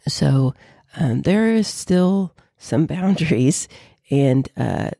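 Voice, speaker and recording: A woman vlogger chatting casually to her viewers in an animated way. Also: deep voice, slow pace, vocal fry, no room sound, clean studio sound. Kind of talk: casual chat.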